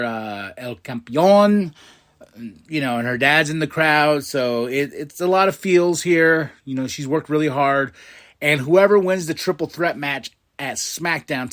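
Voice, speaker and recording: A man hosting a podcast, recapping a wrestling show in a casual, excitable way and putting on quick voices for the people in it. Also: medium pitch. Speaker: podcast host.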